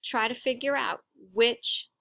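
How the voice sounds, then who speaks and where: A woman teacher talks through a recorded lesson at an unhurried pace, patient and deliberate, pausing to sound out syllables. Her voice sits a little high and has a bright edge. The sound is dry and close, with no room around it. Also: creaky, no room sound. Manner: slow, patient explaining with emphasized syllables.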